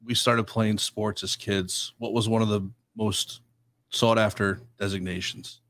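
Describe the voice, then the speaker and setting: A man's voice: on the low side, fairly even intonation, a little slow, a bit bright, dry recording. A man who is a guest on a casual studio chat, reflective and hesitant.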